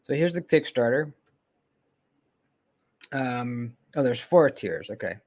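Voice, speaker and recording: A man chatting casually on a live stream, close to his desk microphone. His pitch sits in an ordinary middle range, and he rambles, pauses often and lets his sentences trail away. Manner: relaxed, rambling, lots of ums and trailing off. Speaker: knife channel host. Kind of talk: casual livestream chat. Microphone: close desk mic.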